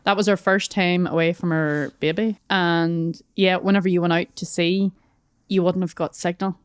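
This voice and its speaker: A woman co-hosting a relaxed podcast, telling her story with lively energy and acting out the dialogue. Her voice is smooth and rather low for a woman. The sound is dry and close. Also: normal speed, dry recording. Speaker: podcast co-host. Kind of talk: casual storytelling chat.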